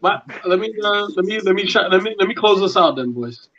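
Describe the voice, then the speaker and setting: Earnest man, halting podcast talk. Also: sits high, animated, pushed and bright. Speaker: podcast co-host. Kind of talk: casual chat. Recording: dull lo-fi sound.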